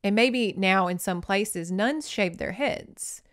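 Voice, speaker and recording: A woman's voice: mid-range voice, slow, fairly bright tone. A woman hosting a podcast, casually and playfully recapping a novel with joking, dramatic asides. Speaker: podcast host. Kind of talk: casual book recap and reading aloud.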